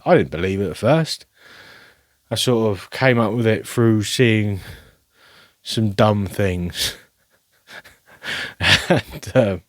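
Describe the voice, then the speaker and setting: A man's voice: mid-range voice, no echo. A man hosting his own show, rambling through a casual, self-mocking monologue and laughing often. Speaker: podcast host.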